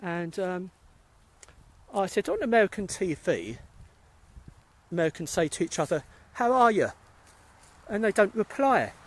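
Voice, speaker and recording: A man's voice: high voice, very animated, normal speed, long pauses. A middle-aged British man, a spiritualist medium, chatting casually and rambling as he greets viewers by name during a phone live stream while walking outdoors through a cemetery. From England. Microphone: phone held while walking.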